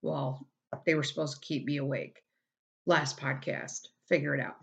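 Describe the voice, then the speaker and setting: A woman's voice: very deep voice, fairly even intonation, normal speed, creaky. A middle-aged woman hosting a casual solo podcast, venting bluntly and swearing a lot as she talks about her family and her frustrations. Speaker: podcast host.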